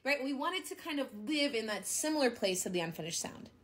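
A woman giving a singing lesson as a vocal coach, bubbly and quick to laugh at herself, breaking into sung demonstrations. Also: sits high, very animated, fairly bright tone, soft background music.

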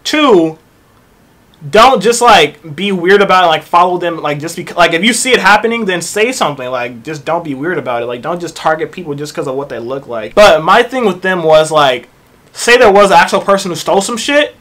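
In a brisk, animated storytime rant, a young man recounts something that happened at work, swearing a lot and dropping to low mutters for his asides.

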